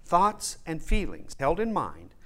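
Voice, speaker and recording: A male preacher delivers a sermon slowly and deliberately, restating his main points for emphasis. His voice is bright and slightly high, and his pitch swings widely from phrase to phrase. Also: huge pitch swings. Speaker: minister.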